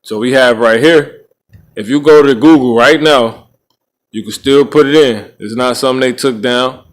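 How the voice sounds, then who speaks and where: A man's voice: mid-range voice, normal speed. A man hosting a podcast of casual religious commentary, rambling, restarting phrases and tagging lines with "right?". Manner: rambling, frequent "right?" tag questions. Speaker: podcast host.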